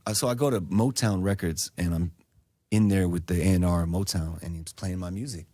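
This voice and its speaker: A middle-aged man from the Los Angeles area, a singer and producer guesting on a radio show, telling stories in a relaxed, conversational way. He talks into a studio microphone. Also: low-pitched, fairly quick, no room sound. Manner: relaxed, conversational, acts out quotes in lively voices. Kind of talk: casual interview storytelling.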